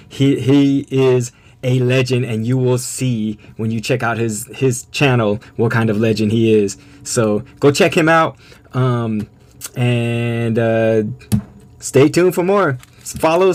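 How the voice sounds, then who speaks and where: A man in an excited unboxing vlog, laughing often and stammering with joy. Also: mid-range voice. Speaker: vlogger.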